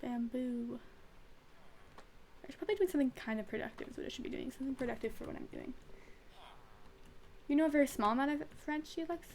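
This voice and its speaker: A woman's voice: sits high, fast talker, long pauses, a little mellow, a little hiss or hum. A young woman streamer chatting casually and rambling with fillers while she plays a game. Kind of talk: casual chat while gaming.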